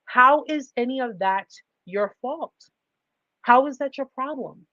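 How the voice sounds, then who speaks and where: A woman's voice: high-pitched, unhurried, pushed and bright, no room sound, dull audio. A woman hosting a livestream advice talk, speaking emphatically and driving points home with repeated rhetorical questions. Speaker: livestream host.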